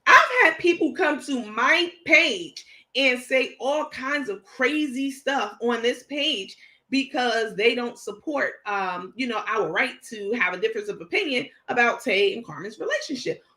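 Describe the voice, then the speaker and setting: A woman's voice: a little high, lively intonation, a little slow, bright, forceful tone. A woman with a New York accent hosting a livestream, talking emphatically and indignantly while reading messages aloud. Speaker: host. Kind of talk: livestream commentary.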